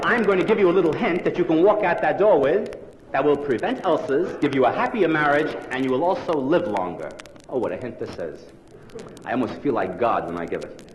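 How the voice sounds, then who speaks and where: A man in his forties delivers a comic lecture with a theatrical flair and a lively, swooping pitch. The room sounds large and echoey. Faint hiss from an early 1960s vinyl record sits underneath. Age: 40s. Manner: theatrical, punchline-driven. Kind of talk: comic lecture to a live audience. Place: lecture hall with audience. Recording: roomy live hall on early 1960s vinyl. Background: audience laughter.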